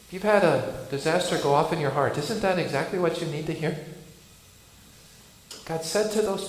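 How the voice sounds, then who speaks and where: A man preaching a sermon, earnest, rising loud and dropping soft for emphasis. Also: a little high, moderate pace, pauses often. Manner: earnest, builds and drops volume for emphasis. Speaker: pastor. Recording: echoey hall with faint noise.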